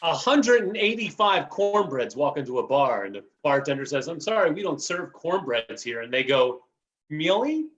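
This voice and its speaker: A man playing an improv joke-telling game on a video call, with dry, quick punchlines. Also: a little high, very animated, a bit bright. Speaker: improv player. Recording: roomy, muffled call audio.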